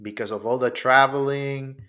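A male podcast co-host from Honduras, speaking at a middle pitch in casual chat. He gives measured, thoughtful takes and often fills with "you know". His delivery stays calm and even.

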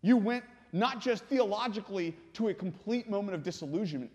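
A man preaching a sermon as pastor, dramatic, swinging from hushed to intense. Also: high voice, moderate pace, hardly any pauses. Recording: long reverb in a hall.

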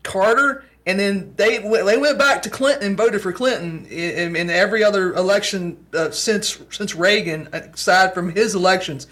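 A man's voice: high-pitched, normal speed, few pauses, fairly bright tone. A man co-hosting a political podcast, talking in a loose, casual way.

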